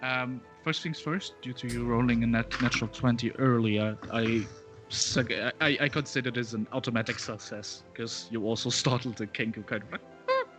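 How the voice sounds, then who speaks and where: A man's voice: medium pitch, normal speed, fairly bright tone, faint music behind. A man narrating as game master over a voice call, with many hesitant ums. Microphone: headset over voice call.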